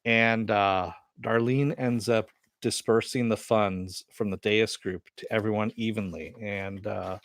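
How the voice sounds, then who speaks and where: A man's voice: fairly low pitch, fairly even intonation, unhurried, no echo. A man casually recapping a TV episode, rambling along with lots of fillers. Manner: rambling, many "you know" and "uh" fillers. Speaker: TV episode reviewer.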